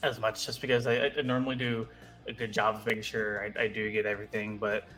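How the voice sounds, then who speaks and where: Bright-voiced man in casual sports talk. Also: fairly low pitch, fast, faint music behind, low-quality recording. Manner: relaxed, hesitant with many fillers. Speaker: podcast co-host.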